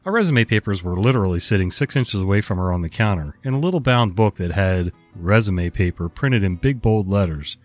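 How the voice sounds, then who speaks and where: A man with a low, stuffy, nasal voice reads a story aloud in a wry, conversational way. His pitch rises and falls a lot, and soft guitar plays faintly under him. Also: sing-song, brisk. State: stuffy nose from a cold. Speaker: host.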